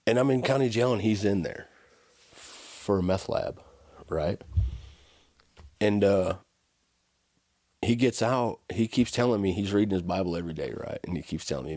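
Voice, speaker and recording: Deep-voiced man telling his story casually. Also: moderate pace, long pauses, dry recording, studio quality. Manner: casual, animated storytelling with frequent "right?" and "like". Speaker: podcast guest. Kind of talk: conversational storytelling.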